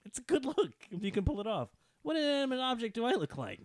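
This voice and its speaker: A man's voice: very high-pitched, sing-song, fast talker, dry recording, studio quality. A man co-hosting a casual podcast chat, joking in a wry way and letting sentences trail off. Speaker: podcast co-host.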